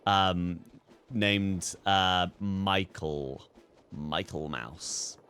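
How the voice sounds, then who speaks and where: A man's voice: low-pitched, extremely slow, a bit bright, clean tone. A young man streaming a game, chatting casually, swearing freely and breaking into laughter. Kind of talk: live gameplay commentary.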